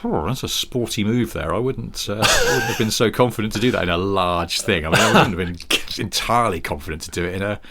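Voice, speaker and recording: A man's voice: fairly low pitch, quick pace, few pauses, sharp tone. A man co-hosting a casual podcast chat, telling a story in a wry way. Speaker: podcast co-host. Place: home.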